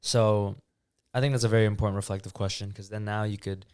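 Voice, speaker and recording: Young male podcast co-host, low-pitched, dry close mic, relaxed rambling chat. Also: quick pace, clean tone, no room sound. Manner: relaxed, rambling, many fillers. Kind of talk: casual chat.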